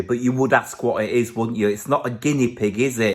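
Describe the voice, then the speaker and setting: A man's voice: medium pitch, fast talker, hardly any pauses, darkish tone. A middle-aged man hosting a comedic film review vlog, cheeky and sarcastic with jokey repetition, indoors in front of shelves of DVDs. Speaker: host.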